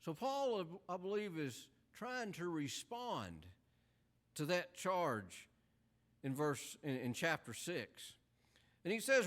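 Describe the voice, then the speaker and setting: A man's voice: high voice, very animated, measured pace, fairly bright tone. A man preaching a sermon in an earnest, emphatic way, full of rhetorical questions.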